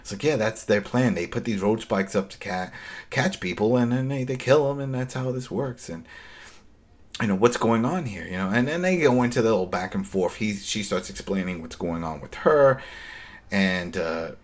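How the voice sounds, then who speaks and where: A man hosting a podcast, recapping a TV episode in casual, animated chat with quick asides. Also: lowish voice. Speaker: podcast host.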